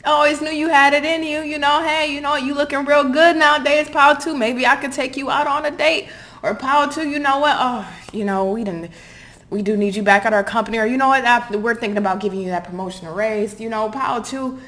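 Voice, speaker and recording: A woman putting on a fawning two-faced flatterer. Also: a little fast. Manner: high, wheedling, hesitant.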